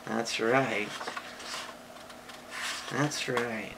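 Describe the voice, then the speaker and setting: A woman reading a picture book aloud to a child and explaining punctuation, patient and affectionate, with sudden high excited voices for exclamations. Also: drawn-out words, vocal fry, noisy background. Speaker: parent or relative reading to a child.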